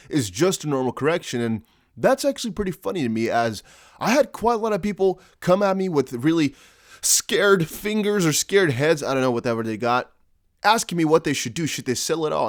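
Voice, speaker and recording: A man's voice: a little high, big pitch swings, fairly quick, no echo, studio quality. A man with an American-ish accent hosting a casual crypto vlog, chatty and rambling, with jokey asides. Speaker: crypto YouTuber.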